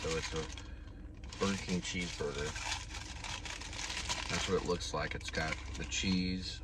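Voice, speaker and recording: A man who does food delivery talks from his parked car in a casual eating vlog, rambling and speaking while he chews. His voice is deep, a little slow, with fairly even intonation. The recording sounds distant and noisy.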